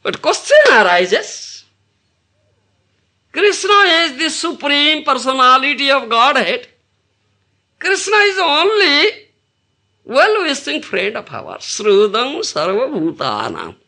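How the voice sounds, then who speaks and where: A man's voice: very high-pitched, creaky, sharp tone, breathy edge. A man teaching a devotional lecture to an audience, often asking them rhetorical questions and laughing as he explains. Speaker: spiritual teacher.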